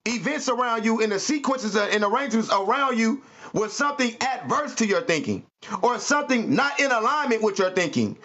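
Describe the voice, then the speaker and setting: A man with a high, bright, sharp-edged voice delivers a spiritual pep talk with preachy emphasis and plenty of street slang and cursing. The audio is muffled and lo-fi. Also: expressive, a little fast. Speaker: podcast host.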